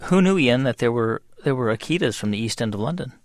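A man's voice: medium pitch, animated, quick pace, soft background music. A man hosting a radio show, asking questions in a conversational, curious way. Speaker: radio host.

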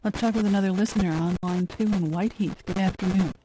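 A woman hosting an afternoon radio call-in show, relaxed and joking. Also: medium pitch, fast talker. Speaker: radio host. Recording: noisy radio studio.

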